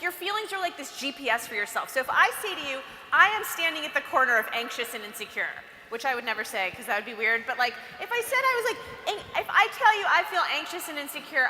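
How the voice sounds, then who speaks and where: A woman speaks to teenage girls at an event in a high, sharply bright voice. She is chatty and animated and acts out what girls say to each other. The sound is roomy, with a long hall reverb and faint ambience behind her. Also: slight background noise. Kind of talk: motivational talk to teen girls.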